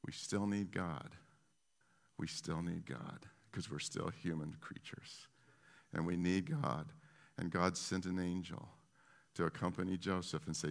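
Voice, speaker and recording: Preacher guy, low-ish but bright pushy voice, lots of restarts, big echoey hall. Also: vocal fry. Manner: animated storytelling with many restarts. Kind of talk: sermon. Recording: long reverb of a large hall.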